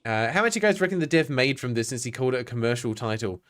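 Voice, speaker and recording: Chatty Australian guy with a lively voice. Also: medium pitch, fast. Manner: reads game text aloud, chatty and self-mocking. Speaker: streamer. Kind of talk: casual gameplay commentary.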